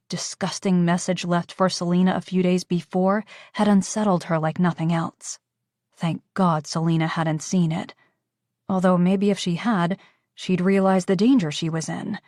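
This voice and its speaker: A woman narrating a romance audiobook in a calm, even reading. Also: lowish voice, no echo, clean studio sound. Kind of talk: scripted narration.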